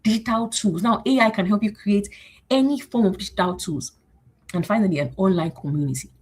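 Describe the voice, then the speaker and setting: A woman's voice: fairly quick, husky. A woman hosting a motivational livestream, rallying her audience with repeated phrases and acting out short exchanges. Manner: animated, repetitive and rallying, acting out exchanges in higher voices. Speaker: host.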